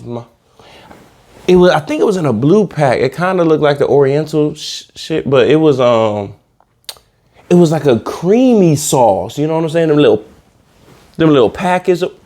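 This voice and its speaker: A man's voice: on the high side, darkish tone. A man hosting a comedy podcast, talking in a loose, slangy, repetitive casual monologue. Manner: loose, slangy, repeats himself for laughs. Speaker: podcast host.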